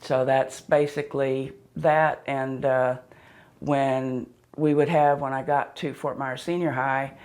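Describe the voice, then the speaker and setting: A woman's voice: rumbling low, fairly even intonation, slow, a little mellow. A woman in her seventies, born in Pennsylvania and raised in Florida, telling wry, rambling stories as an interview guest. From born in Pennsylvania, raised in southwest Florida. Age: 70s. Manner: wry and joking, rambling with restarts. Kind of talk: casual storytelling.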